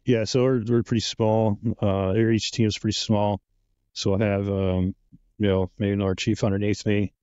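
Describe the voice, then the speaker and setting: Low flat-voiced guy answering interview questions, dark mellow tone, kinda muffled dry sound. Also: moderate pace, clean tone, no echo. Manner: laid-back, hesitant, many "uh" and "you know". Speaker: guest, penetration tester.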